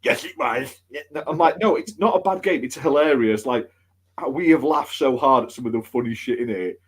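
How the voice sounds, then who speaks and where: A man co-hosting a gaming podcast, excitable and tripping over his words in casual banter. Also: medium pitch, fairly quick, slightly rough. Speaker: podcast co-host.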